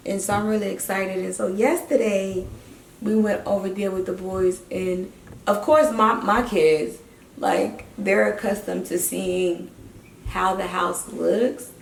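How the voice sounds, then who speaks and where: A woman's voice: mid-range voice, steady tone, unhurried, vocal fry. A woman, rambling casually as a vlogger with lots of fillers. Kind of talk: casual vlog chat. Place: empty house during a move. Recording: roomy and distant, faint noise.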